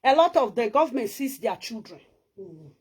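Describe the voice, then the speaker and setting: A woman's voice: a little high, animated, normal speed, a little mellow, husky. A woman with a Nigerian Pidgin accent, chatting boastfully in a casual home-tour video and laughing often. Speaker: vlogger.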